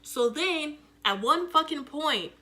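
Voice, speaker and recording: A young woman telling a casual storytime, profane and animated, acting out the quotes loudly. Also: high-pitched, takes it slowly. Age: young adult. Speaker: vlogger.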